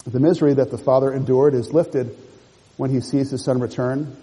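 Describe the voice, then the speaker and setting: A man's voice: medium pitch, steady tone, dark tone, breathy edge, big-room sound, low-quality recording. A man preaching a sermon, working through a passage verse by verse and explaining it to the congregation. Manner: measured expository preaching, rereads and explains verses. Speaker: pastor.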